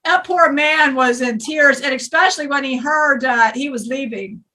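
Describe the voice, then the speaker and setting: A woman's voice: high-pitched, normal speed, sharp tone, far from the mic. A woman channeling a rowdy, joking male spirit who talks in a boisterous, rambling way.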